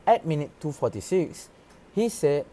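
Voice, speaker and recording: A man's voice: on the high side, very animated, moderate pace, mellow, slight background noise. A man from Malaysia giving a scripted academic presentation as a student, explaining points in order. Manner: explanatory, reads from prepared script.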